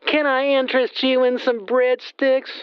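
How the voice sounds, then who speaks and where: A woman's voice: high-pitched, level tone, measured pace, clean tone, no echo, highs cut off. A woman voicing a nervous new young pizza-shop clerk who is overly polite and rattles off long lists of options.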